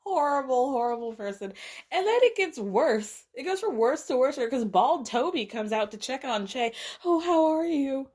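Female podcast host, fairly high voice, swears freely, laughs through her rants. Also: normal speed. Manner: profane, animated, laughing often. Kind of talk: casual TV recap chat.

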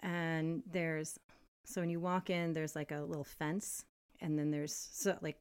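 A young adult woman co-hosting a casual podcast, telling a story in an animated way and laughing often. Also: low-pitched, a little slow, clean tone. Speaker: podcast co-host. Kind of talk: casual chat.

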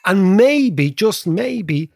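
A man co-hosting an economics podcast, telling stories in an animated conversational way. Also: sits high, very slow, creaky, no room sound. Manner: animated, storytelling, frequent tag "right?".

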